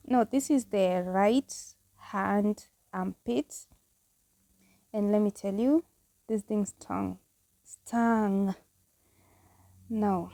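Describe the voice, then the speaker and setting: A woman's voice: medium pitch, gravelly, dark tone, no room sound. A woman vlogging a casual home tutorial, chatty and candid, laughing at herself as she goes. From Kenya.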